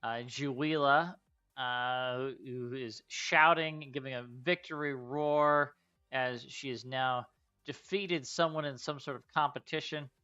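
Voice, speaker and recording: Halting man narrating as game master. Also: medium pitch, steady tone, pushed and bright, clear, resonant tone, muffled recording, faint music behind. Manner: halting, with many fillers.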